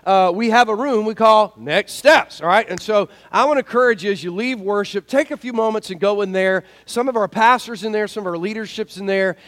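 A man preaching a sermon as pastor, in a folksy, animated storytelling manner with lots of fillers. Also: sits high, a little fast, hardly any pauses.

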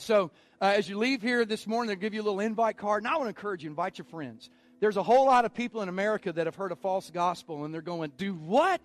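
A male pastor preaching a sermon in an energetic, excitable style that swells into shouting. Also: high voice, no room sound.

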